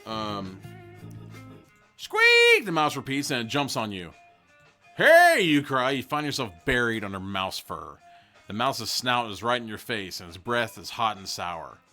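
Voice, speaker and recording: Guy on a podcast reading a kids gamebook out loud, cusses a lot, bright lowish voice, bit of music under it. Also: moderate pace. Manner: profane, joking, cursing asides mid-reading. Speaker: podcast host. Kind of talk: casual reading of a gamebook aloud, with asides.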